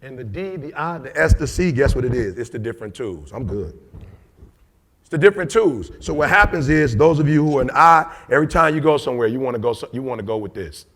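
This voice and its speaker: A middle-aged man, giving an emotional, preacher-like motivational talk that swings from loud to low. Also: expressive, fast. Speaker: motivational speaker.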